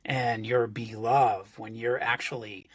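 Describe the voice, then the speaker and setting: A man's voice: mid-range voice, flat delivery, slow, slightly rough, no room sound. A man, a podcast guest, explaining ideas thoughtfully in conversation, repeating words as he searches for them.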